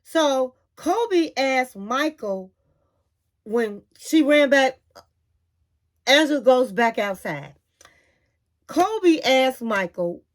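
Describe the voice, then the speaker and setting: Woman, high voice, casual recap vlogger, gossipy, chatty. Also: animated, drawn-out words, pauses often. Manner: chatty, gossipy, calls listener honey.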